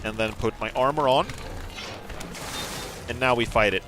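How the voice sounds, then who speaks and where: A man streaming a video game, commenting casually, excitable, swearing and laughing often. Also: mid-range voice, normal speed, over music. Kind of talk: let's play commentary.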